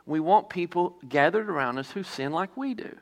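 A man, the pastor, preaching a sermon with emphasis, putting rhetorical questions to his listeners and mixing loud stressed words with quieter, slower asides. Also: high voice, animated.

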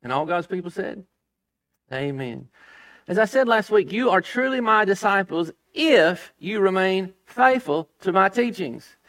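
A man's voice: sits high, lively intonation, measured pace, a bit bright. A man preaching a sermon as pastor, emphatic, reading scripture aloud and dropping his voice for stress.

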